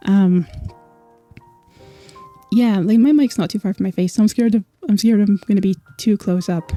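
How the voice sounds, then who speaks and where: A woman's voice: medium pitch, moderate pace, dark tone, soft background music. A young Scottish woman streaming, chatting casually with viewers and laughing often. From Scotland. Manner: chatty, laughing, filler-heavy.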